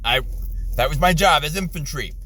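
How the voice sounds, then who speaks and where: A middle-aged man, an army veteran, in an angry, profane rant from his car, exasperated, his voice jumping high when he yells. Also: moderate pace, poor audio. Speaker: ranting vlogger, army veteran.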